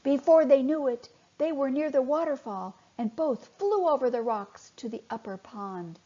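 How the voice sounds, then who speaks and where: A woman softly and expressively reading a bedtime story to children. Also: high voice, animated, moderate pace. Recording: dull lo-fi recording.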